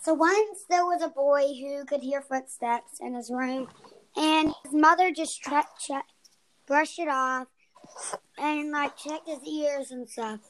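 A woman's voice: high voice, takes it slowly, a little hiss or hum, poor audio. A young woman co-hosting a casual podcast, easygoing and teasing, who stumbles a little as she retells a story. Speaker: podcast co-host.

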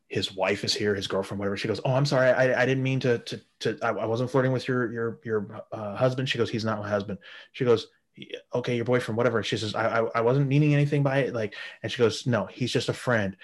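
A man's voice: mid-range voice, fairly even intonation, fast talker. A man in his thirties telling a rambling, crude story in casual chat, swearing often. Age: 30s. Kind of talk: casual anecdote.

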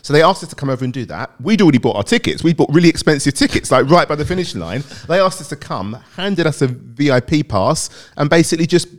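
A man's voice: a little high, big pitch swings. Rambling British man telling stories. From Britain. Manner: rambling storyteller, quick to laugh. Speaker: guest, athletics fan. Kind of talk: casual podcast chat.

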